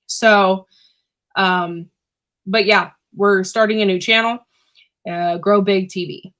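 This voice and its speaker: A woman hosting a casual livestream. She rambles with many fillers and keeps clearing her throat, which is irritated by pepper fumes. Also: medium pitch, steady tone, slow, a bit bright. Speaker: livestream host and homesteader. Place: indoors at home.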